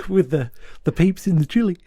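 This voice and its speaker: A man's voice: high voice, breathy edge, no room sound, studio quality. Man recapping a sitcom plot. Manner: animated plot recap with quick character voices. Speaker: podcast co-host. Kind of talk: casual podcast chat.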